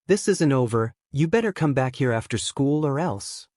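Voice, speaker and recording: A man's voice: medium pitch, very animated, moderate pace, a little mellow, dry recording, studio quality. A man voicing a cruel schoolyard bully boy who taunts in a sing-song way. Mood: taunting.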